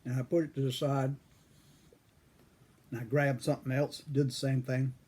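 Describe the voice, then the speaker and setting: An older man telling a folksy childhood story, husky with a frog in his throat, chuckling often. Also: medium pitch, flat delivery, normal speed, mellow. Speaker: pipe-smoking storyteller. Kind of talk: casual storytelling.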